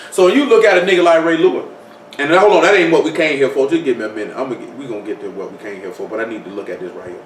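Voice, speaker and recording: A man's voice: mid-range voice, rapid-fire, slight background noise. A man preaching an informal sermon, talking conversationally with many rhetorical questions and repeated phrases. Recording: echoey room, mic far off.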